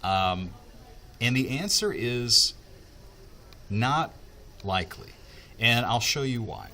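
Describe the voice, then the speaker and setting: A man's voice: mid-range voice, animated, takes it slowly, sharp tone, slight background noise. A man working as a TV meteorologist, explaining the weather in a casual, chatty way, with asides and fillers as he thinks aloud.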